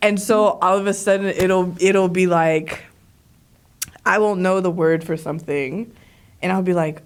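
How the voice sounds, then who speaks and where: Chatty dancer woman, fast with many fillers. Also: fairly low pitch, fairly even intonation, smooth. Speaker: dancer and choreographer, guest. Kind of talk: casual interview chat.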